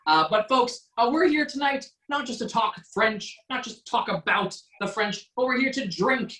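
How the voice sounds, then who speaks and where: A man's voice: extremely high pitch, expressive, moderate pace, bright, forceful tone, roomy sound, recorded from a distance, low-quality recording. Chatty man from Quebec hosting online class. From Quebec, Canada. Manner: chatty, joking, many fillers. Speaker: online mixology class host. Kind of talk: casual video-call class hosting. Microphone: video call.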